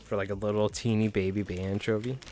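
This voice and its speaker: A man chats through a live fly tying stream in a relaxed, slangy way. His voice sits a little low, and faint music plays under his talk. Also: quick pace. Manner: casual, slangy, chatty. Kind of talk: live-stream chat while tying flies.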